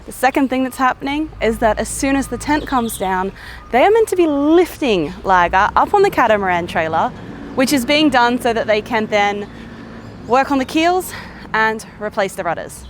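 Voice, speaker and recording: A woman's voice: fairly high pitch, expressive, normal speed. A young woman hosting a sailing vlog, chatting to the camera in an upbeat, casual way with filler ums. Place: outdoors in a boatyard. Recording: outdoor noise behind.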